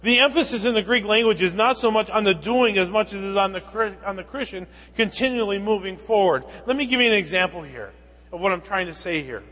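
Male pastor, high voice, sermon delivery that swings from loud to hushed, church hall reverb. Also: fast.

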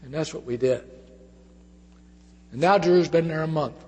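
Husky-voiced pastor in a reverberant hall. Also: male voice, on the high side, normal speed. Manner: emotional, swings between loud emphasis and soft hush. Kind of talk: sermon.

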